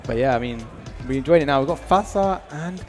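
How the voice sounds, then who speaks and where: A man's voice: a little high, expressive, a little fast, darkish tone, soft background music. A man with a British accent doing casual, chatty fighting game commentary, upbeat and full of slang fillers. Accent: British English. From Britain. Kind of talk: casual live tournament commentary.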